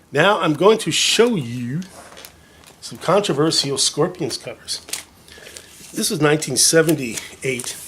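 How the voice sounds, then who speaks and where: A man's voice: mid-range voice, a bit bright, breathy edge. A man casually showing off his record collection in a vlog, enthusiastic and rambling, full of fillers and jokey asides. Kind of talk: casual show-and-tell vlog.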